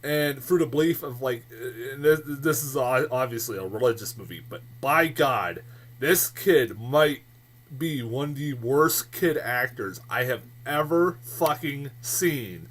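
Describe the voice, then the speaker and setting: Bright, animated man ranting about movies. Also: mid-range voice, measured pace. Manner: profane, rambling, laughs often; gets loud and worked up. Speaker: movie reviewer. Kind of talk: casual vlog rant.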